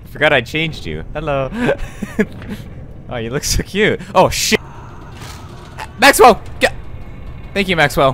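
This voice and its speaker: A man doing let's play commentary, giggly and excitable, swearing often and cooing at a pet. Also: high voice, slight background noise. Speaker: gaming YouTuber.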